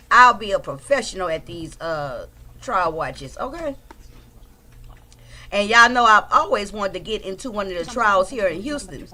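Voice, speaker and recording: A woman, chatting casually as host of a livestream, greeting viewers by name in an animated way. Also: medium pitch. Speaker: livestream host commenting on trial footage.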